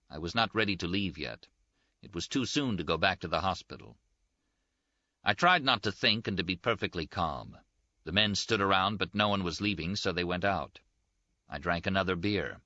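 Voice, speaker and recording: Deep-voiced male audiobook narrator. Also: sharp tone, no echo, muffled recording. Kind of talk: scripted literary narration.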